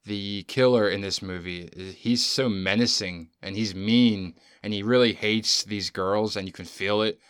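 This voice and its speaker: A man with a low, smooth and clear voice chats easily and agrees readily with his co-host. His voice is dry and close to the mic. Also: steady tone, measured pace, hardly any pauses, a bit bright, no echo. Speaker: podcast co-host, movie reviewer. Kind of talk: casual chat.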